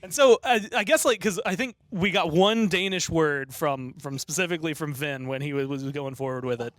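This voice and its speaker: A man's voice: on the high side, moderate pace, a bit bright, no echo. A man conducting a pregame player interview, asking chatty, rambling questions.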